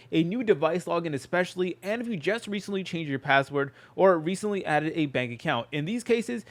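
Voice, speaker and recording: A man hosts a casual how-to tutorial voice-over, rushing through each step at a brisk clip. His voice sits a little high, and he leans on fillers as he explains. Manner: rapid, filler-heavy explaining. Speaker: tutorial host.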